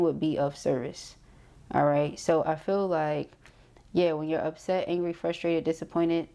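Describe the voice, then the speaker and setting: A woman giving a tarot card reading, reading card messages aloud and explaining them, ending many phrases with a quick "okay?". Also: sits low, mellow. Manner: reads card messages aloud then interprets. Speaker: tarot reader.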